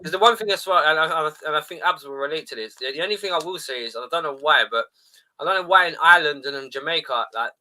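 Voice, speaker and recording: A man in casual football chat, swearing freely, laughing and mimicking in quick asides. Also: a little high, sharp tone. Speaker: co-host of a football watchalong.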